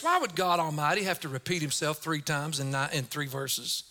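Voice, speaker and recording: A middle-aged male pastor delivers an energetic sermon. His voice sits high and rings bright, rising to emphatic shouts as he drives his points home. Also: moderate pace, few pauses.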